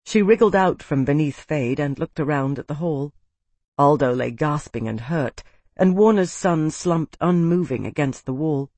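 A man's voice: a little high, animated, moderate pace, darkish tone, no echo. A man narrating a fantasy novel as an audiobook, reading steadily and dramatically.

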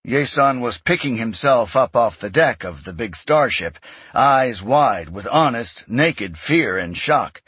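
A man narrating a science fiction audiobook in a steady, measured storytelling voice. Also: mid-range voice, husky, dry recording. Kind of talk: scripted narration.

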